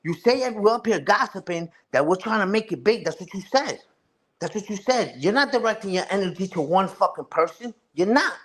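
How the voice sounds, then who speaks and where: A man's voice: high-pitched, lively intonation, fairly quick, fairly bright tone. A man ranting casually and profanely on a live stream, repeating himself and asking "you heard?" again and again.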